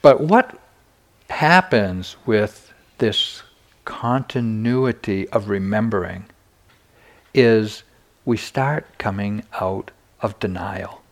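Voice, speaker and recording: A man's voice: on the low side, expressive, slow pace. An older man giving a meditation dharma talk, telling personal stories candidly with self-deprecating humor. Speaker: meditation teacher.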